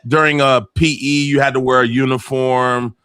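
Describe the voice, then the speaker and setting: A man's voice: mid-range voice, flat delivery, moderate pace, bright, forceful tone. A man co-hosting a casual podcast, joking around in slangy talk and laughing often. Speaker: podcast co-host. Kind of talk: casual chat.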